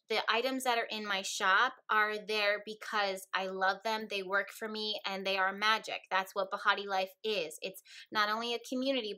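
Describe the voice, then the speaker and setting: A woman's voice: medium pitch, sharp tone, poor audio. A young adult woman vlogging about her witchcraft shop, speaking earnestly and chattily straight to her viewers. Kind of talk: casual talk to camera.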